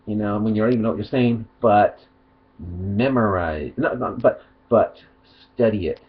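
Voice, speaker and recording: A man's voice: on the low side, moderate pace, husky, narrow, tinny audio. A man giving a rambling, argumentative vlog monologue, partly reading aloud, with many restarts. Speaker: video commentator.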